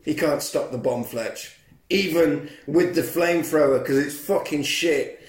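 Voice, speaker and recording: A man's voice: a little high, measured pace, echoey room. A man co-hosting a podcast, telling a film's plot in a sweary, comedic way and putting on voices. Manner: sweary, animated retelling with put-on character voices. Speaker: podcast co-host. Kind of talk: casual comedic film recap.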